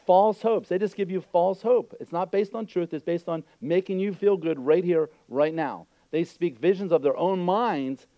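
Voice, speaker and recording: A man's voice: sits high, moderate pace, hardly any pauses, no echo, dull audio. A man preaching an earnest, emphatic sermon as pastor, with frequent asides to the congregation.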